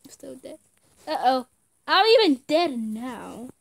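Shrill, very high-pitched young woman gamer. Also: sing-song, slow pace, vocal fry. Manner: screams and laughs often, speaks in short outbursts. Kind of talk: casual gameplay commentary.

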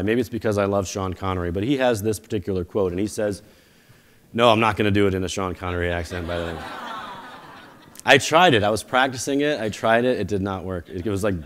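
A company founder delivering a keynote to a live conference audience talks fast in a lowish voice. He keeps things conversational, telling stories and cracking jokes at his own expense.

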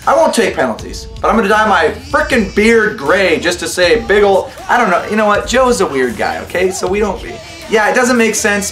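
A man's voice: sits high, fairly bright tone, echoey room. A young man hosting a gaming channel, giving sarcastic let's-play commentary and talking back to an in-game coach.

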